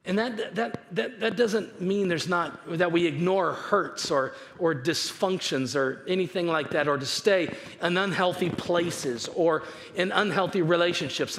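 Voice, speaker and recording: A man's voice: high voice, normal speed, a bit bright. A man from California, a pastor giving a conversational sermon, telling stories and often repeating himself. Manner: chatty, repeats himself, storytelling. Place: church auditorium. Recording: reverberant hall with faint noise.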